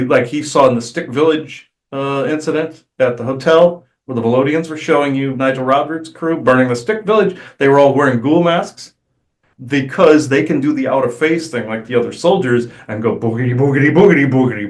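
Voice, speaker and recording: A man channeling on a spiritual podcast, talking casually and haltingly with many "uh" fillers and restarts. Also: mid-range voice. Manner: hesitant, many "uh" fillers, rambling.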